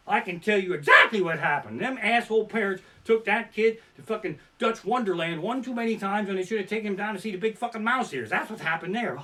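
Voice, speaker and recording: A man's voice: high-pitched, lively intonation, fast talker, bright, forceful tone. A man doing a profane, crude stand-up set, live-streamed from his living room. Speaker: stand-up comedian. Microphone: barebones home streaming mic.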